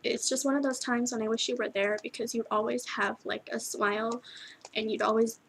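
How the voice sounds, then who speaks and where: A teenage girl recording a tearful video message to her best friend, halting and full of restarts as she cries. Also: fairly high pitch, flat delivery, creaky, fairly bright tone, a little hiss or hum, poor audio. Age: teens. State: crying. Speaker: vlogger.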